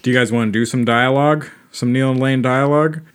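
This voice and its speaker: A man's voice: mid-range voice, fairly even intonation, fast. A man co-hosting a casual book podcast, making wry, dry quips. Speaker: podcast co-host. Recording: roomy hall echo with music behind.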